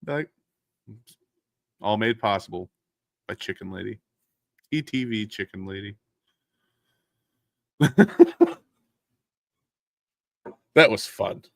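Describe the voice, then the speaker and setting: A man's voice: on the low side, slow pace, long pauses, no room sound, studio quality. A man hosting a casual podcast. He jokes around, laughs often and swears freely. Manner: loud bursts and laughter inside relaxed talk. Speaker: podcast host.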